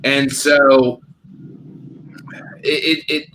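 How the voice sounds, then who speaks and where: A man's voice: mid-range voice, level tone, very slow, pushed and bright, a little hiss or hum, poor audio. A man on a casual live online show, rambling with many fillers like "like" and "right". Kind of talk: casual chat.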